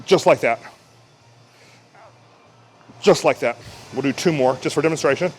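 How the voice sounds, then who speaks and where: An energetic male fitness coach talks through a shoulder exercise as he performs it, and his voice strains under the effort. His voice sits a little on the high side. Faint music plays behind him. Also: moderate pace, breathy edge, rough recording. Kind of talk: casual exercise demonstration.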